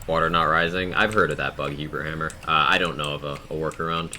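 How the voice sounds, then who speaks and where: A man's voice: rumbling low, steady tone, fast talker, bright, forceful tone. A man streaming a video game live, chatting casually and explaining game mechanics to his viewers. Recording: noisy live-stream audio.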